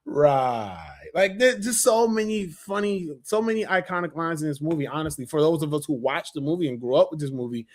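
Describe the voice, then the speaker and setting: A young man talks casually and eagerly about a film he loves. His voice sits somewhat high for a man. He rambles with fillers and restarts in an easy, conversational way. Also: lively intonation, brisk. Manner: chatty and enthusiastic, many fillers and restarts. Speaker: movie reviewer. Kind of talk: casual spoken review.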